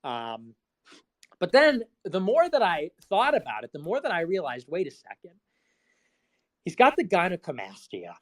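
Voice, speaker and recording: A man hosting a casual stream chat, animated and rambling with lots of fillers. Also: high-pitched, moderate pace. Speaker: podcast host.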